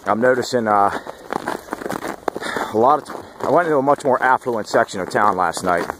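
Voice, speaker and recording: A man's voice: mid-range voice, expressive, normal speed. A man in his late forties giving a casual vlog update on a morning hike, blunt, sarcastic and opinionated. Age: late 40s. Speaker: campaign volunteer vlogger. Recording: outdoor noise with passing traffic.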